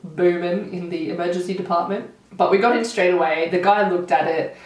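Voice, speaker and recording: With a fairly low pitch and a slightly fast delivery, this Australian woman in her twenties chats through her makeup routine as a beauty vlogger. Her get-ready-with-me storytelling is animated and heavy on "like", and the mic is distant, leaving the sound roomy.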